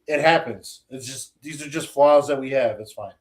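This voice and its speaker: A man's voice: medium pitch, normal speed. A man telling stories in loose, profane podcast chat, acting out the lines of people he quotes. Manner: profane, animated storytelling, acts out quotes. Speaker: podcast co-host. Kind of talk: casual chat.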